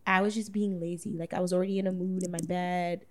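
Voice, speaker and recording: A woman's voice: fairly low pitch, little pitch movement, fast. Blunt, profane woman. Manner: blunt, profane, laughs often. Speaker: guest. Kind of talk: casual chat.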